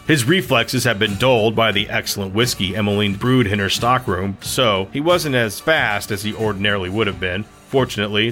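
A man reading a novel aloud as narrator, in a measured storytelling manner. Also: medium pitch, fairly bright tone. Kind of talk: audiobook narration.

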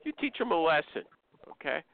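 A brash, teasing male talk show host with a high voice. He banters loosely and slips into pushy sales pitches. The sound is thin and tinny, like a phone line. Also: big pitch swings, fairly quick, creaky, slight background noise. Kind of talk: casual call-in talk show.

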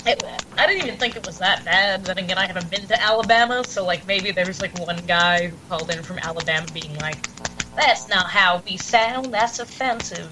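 A woman's voice: lowish voice, steady tone, fast, few pauses, music in the background, poor audio. A woman chatting as a guest on a podcast, enthusiastic and giggly, acting out quotes as she goes. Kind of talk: casual podcast chat.

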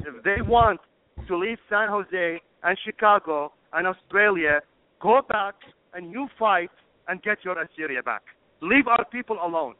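A man with a high voice speaks with impassioned emphasis as a guest on call-in radio. He sounds tinny and thin, as if he is coming over a phone line. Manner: impassioned, emphatic, apologizes for getting emotional. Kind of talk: heated call-in radio discussion.

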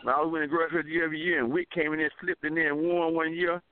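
A man, a drag racer, talking trash quickly and profanely on a call. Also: fairly high pitch, little pitch movement, clear, resonant tone, no room sound. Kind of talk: casual trash talk on a call. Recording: tinny phone line.

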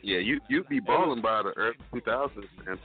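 A man's voice: medium pitch, lively intonation, fairly quick, soft background music. A man co-hosting a casual morning show, teasing bluntly in heavy slang. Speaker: co-host. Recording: tinny phone-like audio.

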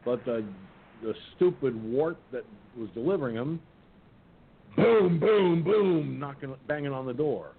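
An older man hosts an internet radio show, telling a long, rambling story about his day with restarts and casual swearing. He speaks at a moderate pace with a breathy edge, over muffled phone-line audio with a faint rumble.

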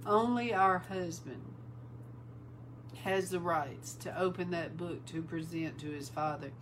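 A woman delivers an informal sermon in a fairly low voice, calling her listeners bride and hammering points home by repeating words. A faint hum runs under the recording. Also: measured pace. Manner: breaks into loud exclaiming and laughter. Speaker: preacher.

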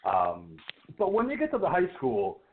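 This man talks with a lively voice that swoops up and down as he picks apart a movie. He swears freely and slips into mock character voices. The sound is squeezed and tinny, as if it came over a phone line. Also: medium pitch, normal speed, slight background noise. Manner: animated, profane, acts out characters. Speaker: podcast co-host. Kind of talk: casual film discussion. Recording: phone-like narrow audio.

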